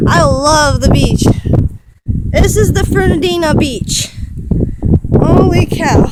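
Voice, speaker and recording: A woman filming a casual walking vlog on a beach with her phone on a selfie stick, gushing and exclamatory. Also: sits high. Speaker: vlogger. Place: outdoors on a beach. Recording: loud wind noise on phone.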